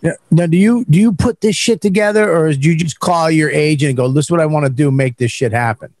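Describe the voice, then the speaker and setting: Higher-voiced podcast host, dry sound. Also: male voice, quick pace, a little mellow, no echo. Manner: crude, laid-back storyteller. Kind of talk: casual podcast chat.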